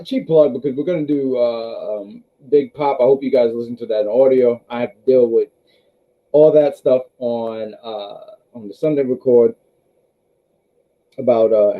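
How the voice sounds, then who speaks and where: A man's voice: mid-range voice, phone-quality sound. A man hosting a casual wrestling review stream, rambling with restarts and talking to his live chat.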